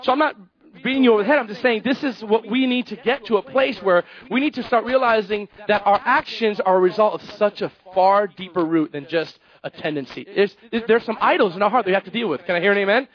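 A male pastor preaching a sermon, animated, repeating phrases and acting out Bible characters. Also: high voice, quick pace, muffled recording.

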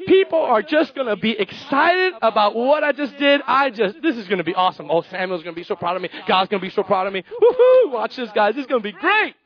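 A man's voice: high voice, lively intonation, fast, few pauses, highs cut off. A man preaching acts out a giddy, boastful male king who whoops and brags about how proud everyone will be of him. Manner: exclaiming, whooping.

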